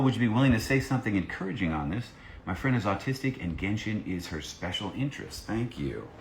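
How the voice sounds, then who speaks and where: On a casual live stream, a male voice actor with a low voice signs autographs and reads fan messages aloud, joking playfully. The sound is reverberant, with slight background noise.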